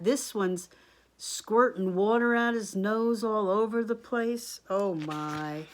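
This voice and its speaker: Woman teacher, slow read-aloud storytime voice, expressive, asks kids questions. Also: mid-range voice. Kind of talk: picture-book read-aloud for children.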